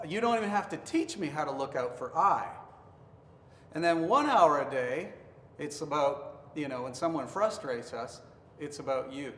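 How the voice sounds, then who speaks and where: A man's voice: a little high, animated, a little slow, a bit bright. A man pastor giving an earnest marriage devotional teaching, sometimes acting out accusing tones to make a point. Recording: roomy reverberant hall, faint noise.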